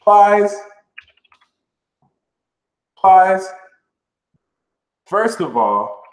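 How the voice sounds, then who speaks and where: Animated man hosting a live astrology stream. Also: drawn-out words. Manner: animated, jumps into high sassy mock voices. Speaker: astrology livestream host. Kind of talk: casual livestream chat. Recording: roomy echo.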